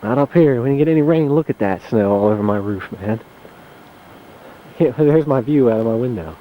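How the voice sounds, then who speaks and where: A man casually narrating his home video on a handheld camcorder as he walks outdoors through deep mountain snow. He talks in a chatty, wry way and curses mildly. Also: expressive, a little fast, phone-quality sound, a little hiss or hum. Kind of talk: casual narration while filming.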